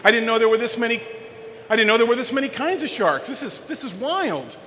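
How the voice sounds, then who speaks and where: Man doing a businesswoman CEO, amazed, eager questions, bright tone, faint background hum. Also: very high-pitched, very animated, fairly quick, voice pushed up, full character voice. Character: adult woman CEO, amazed shopper. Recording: reverberant hall, faint ambience.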